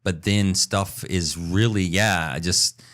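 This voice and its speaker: A man's voice: deep voice, fairly even intonation, takes it slowly, fairly bright tone. A man co-hosting a podcast in casual chat, rambling through a story and acting out the sounds. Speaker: podcast co-host.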